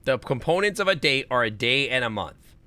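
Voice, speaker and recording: A man's voice: medium pitch, lively intonation, a little fast, pushed and bright, dry recording. A man streaming a puzzle game live, thinking aloud and swearing in frustration. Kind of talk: live gameplay commentary.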